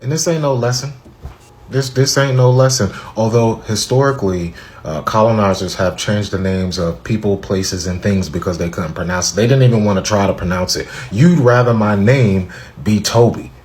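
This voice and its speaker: A man's voice: lowish voice, normal speed, a little mellow, slight background noise. A man mocking in disbelief as he ranted in a reaction video. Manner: mocking, incredulous.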